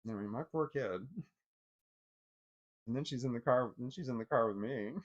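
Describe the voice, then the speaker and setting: A man's voice: mid-range voice, moderate pace, muffled recording. A middle-aged man telling a personal story in casual vlog talk, rambling and profane, with many restarts. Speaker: vlogger.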